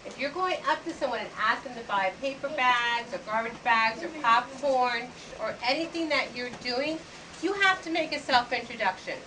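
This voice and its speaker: This etiquette instructor has a high voice with a sharp tone, and she teaches a group of kids in an upbeat, teacherly manner while demonstrating greetings and handshakes. She's in a library program room, captured from a distance in an echoey space with background noise.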